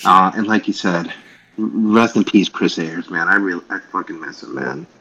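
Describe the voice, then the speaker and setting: A man talks casually on a podcast, full of fillers and relaxed swearing. His voice sits a little lower than most men's. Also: moderate pace, vocal fry, dull audio. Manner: laid-back, filler-heavy, swears casually. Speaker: podcast co-host.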